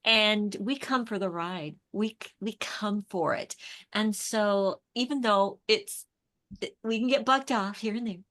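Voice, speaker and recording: A woman's voice: mid-range voice, measured pace, a bit bright. A middle-aged woman, an author and intuition coach, chatting in an interview and acting out the conversations she tells about. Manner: enthusiastic storyteller, acts out quoted exchanges, repeats and restarts words. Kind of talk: casual spiritual interview chat.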